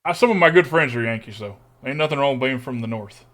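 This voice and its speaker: With a mid-range, slightly bright voice and lively intonation, this young Texan talks fast as he streams a card game. Each play gets weighed out loud, punctuated by hums and mutters to himself.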